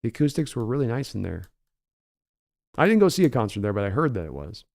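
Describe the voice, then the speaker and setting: A man's voice: mid-range voice, very animated, fast, gravelly, darkish tone. A man hosting a live stream, chatting in a rambling way and reading donor messages aloud. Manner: rambling, chatty, reads donations. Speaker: host. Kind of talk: live stream reaction chat.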